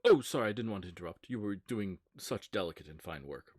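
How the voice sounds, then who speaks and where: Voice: sits low, expressive, fast, a little mellow, no echo, clean studio sound. A game master voicing a sly, teasing divine spirit being in a live tabletop game. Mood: sly, airy. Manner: mock-innocent, airy. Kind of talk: live-streamed tabletop role-play.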